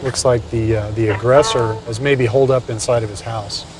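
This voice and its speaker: A male sheriff's detective briefing a call and calmly questioning a victim on a residential street. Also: mid-range voice, moderate pace, crowd noise. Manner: calm when questioning, shouting commands at the arrest. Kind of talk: police interview and commands.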